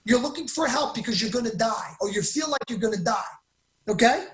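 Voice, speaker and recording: This man is being interviewed and recounts his experiences with emphatic excitement, often stopping himself partway through sentences. He speaks in a very high pitch at a slightly quick pace, and the audio sounds roomy.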